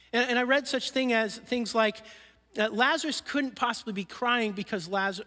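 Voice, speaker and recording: A pastor delivers a sermon from the pulpit of a church sanctuary, his voice notably high for a man. He speaks earnestly, dropping into soft, slow lines to land a point, and a long hall reverb rings around him.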